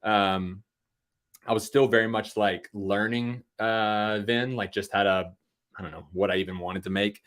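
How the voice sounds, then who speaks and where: A man's voice: on the low side, fairly even intonation, unhurried, a bit bright. A man in his thirties from Virginia, a podcast guest chatting casually with self-deprecating jokes and lots of fillers. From Virginia, USA. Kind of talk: casual interview chat.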